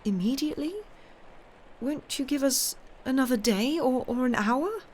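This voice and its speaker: A woman's voice: high voice, expressive, normal speed, darkish tone, voice pushed up. A woman voicing a tender, anxious young woman in an audiobook reading, with a pleading, worried way of talking.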